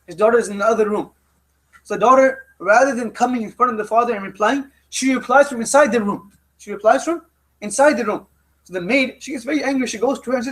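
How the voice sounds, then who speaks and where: A man with a strikingly high voice tells a story to a youth study circle. He talks in a lecture manner, circling back and repeating phrases for emphasis. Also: fairly bright tone. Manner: repeats phrases for emphasis, often restarts lines.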